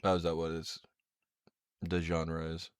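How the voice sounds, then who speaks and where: A man's voice: sits low, completely flat delivery, unhurried, smooth, no echo, studio quality. A man hosting a podcast in casual chat, telling stories in a laid-back way and acting out the dialogue. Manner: laid-back storyteller who acts out dialogue. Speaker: podcast host.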